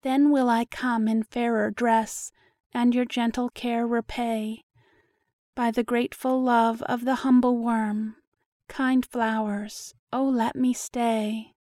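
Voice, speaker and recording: Storybook worm, small and meek, begs softly and slowly, read by a woman in a higher, flat voice. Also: no room sound, studio quality. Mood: pleading. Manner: meek, pleading, slow. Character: lonely, humble little male worm pleading for shelter.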